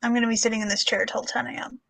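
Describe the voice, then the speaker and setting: A young woman with a slightly raised pitch talks in a relaxed, offhand way, often dropping in "like" as she goes. Her voice sounds dry and close, with no room echo. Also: racing, creaky. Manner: laid-back, peppered with "like". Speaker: co-host in a writing sprint. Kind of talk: casual chat.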